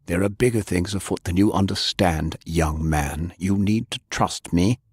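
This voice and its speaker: Guy doing a stern old elder, low and commanding, real deep voice. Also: a little slow, breathy edge, no room sound. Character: gruff older male elder, stern and secretive.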